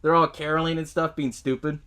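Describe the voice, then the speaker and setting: A man's voice: fairly high pitch, flat delivery, fairly quick, pushed and bright. A man hosting a podcast, casually retelling a film's plot, swearing often and laughing along. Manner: laid-back, swears a lot, laughs often, acts out movie lines. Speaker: podcast host. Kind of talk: casual movie recap.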